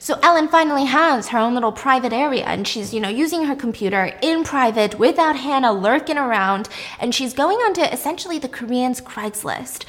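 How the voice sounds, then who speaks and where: A woman casually recapping a show, animated and acting out the quotes, with some swearing. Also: sits high, a little fast. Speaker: podcast host recapping a show.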